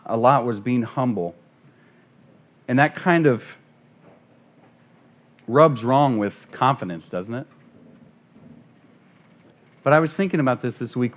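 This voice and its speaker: A man preaching a sermon as guest pastor in a church, earnest and building to impassioned repetition. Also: mid-range voice. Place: church sanctuary.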